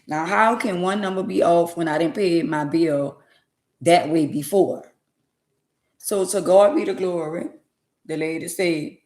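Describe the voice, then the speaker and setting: A woman tells her story to viewers in a lively, casual way, dropping into preachy asides. Her voice sits on the low side. The sound carries the echo of a roomy space. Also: a little slow. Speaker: vlogger telling a story.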